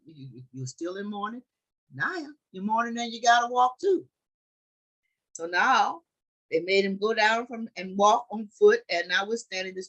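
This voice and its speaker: Husky-voiced woman teaching scripture. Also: mid-range voice, a bit bright, low-quality recording. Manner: preachy and conversational, with many restarts. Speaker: Bible study teacher.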